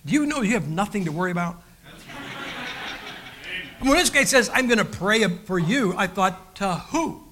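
A man's voice: high voice, animated, moderate pace, long pauses, bright, forceful tone, a little hiss or hum. An older man, preaching a sermon in a folksy, joking style with many restarts. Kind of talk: sermon with humorous stories.

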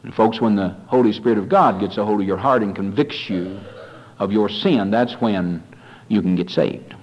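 Fiery preacher on lo-fi radio. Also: male voice. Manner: swings from low, quiet warnings to loud rising exhortation; addresses listeners as "folks", repeats phrases. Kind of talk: fiery revival sermon.

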